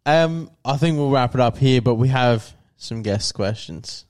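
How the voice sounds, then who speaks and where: A man's voice: medium pitch, measured pace, darkish tone. A young New man co-hosting a podcast, laid-back with short replies, steering the casual chat. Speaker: podcast co-host.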